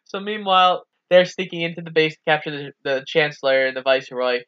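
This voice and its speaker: A man's voice: on the high side, little pitch movement, brisk, smooth, dull audio. A man co-hosting a casual movie recap, easygoing as he walks through the plot. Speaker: podcast co-host.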